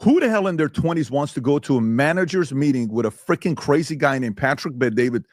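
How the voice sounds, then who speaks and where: A man's voice: medium pitch, lively intonation, brisk, no echo, studio quality. A male podcast host in a heated debate, talking emphatically and firing rhetorical questions.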